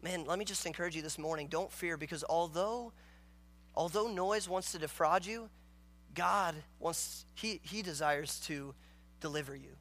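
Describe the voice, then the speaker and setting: A man's voice: on the high side, normal speed, fairly bright tone. A man preaching a morning sermon as a pastor, earnest and emphatic, reading scripture aloud and acting out the characters' dialogue.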